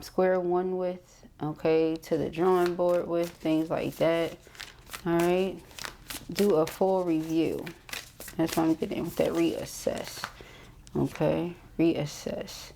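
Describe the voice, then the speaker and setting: A woman giving a tarot card reading, reading card messages aloud and explaining them, ending many phrases with a quick "okay?". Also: lowish voice, vocal fry, mellow, slight background noise. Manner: reads card messages aloud then interprets. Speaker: tarot reader.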